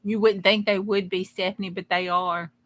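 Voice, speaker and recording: A woman's voice: mid-range voice, level tone, normal speed, fairly bright tone. A woman hosting a live crafting stream, chatting casually and rambling with folksy humor. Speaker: crafting livestream host. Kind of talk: casual livestream chat.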